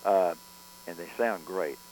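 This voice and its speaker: A man, a record producer, telling studio stories in a relaxed interview, rambling with frequent restarts and fillers. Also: sits low, unhurried, a little hiss or hum, poor audio. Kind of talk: conversational storytelling interview.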